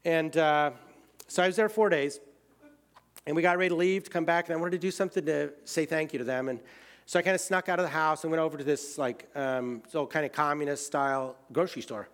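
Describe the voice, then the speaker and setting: An American man speaking a little high and brisk relates a personal travel experience in a casual way full of fillers, moving between excited outbursts and hushed, quiet moments.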